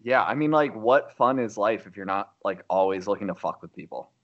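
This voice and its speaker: Playful male host, lively pitch. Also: a little fast, lo-fi sound. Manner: playful, teasing questions. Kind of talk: casual chat.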